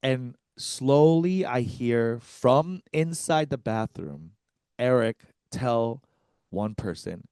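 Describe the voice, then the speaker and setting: A man's voice: medium pitch, slow, clear, resonant tone, dry recording, clean studio sound. A man co-hosting a comedy podcast, telling a story with lots of swearing and acted-out quotes. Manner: animated, profane, acts out quotes.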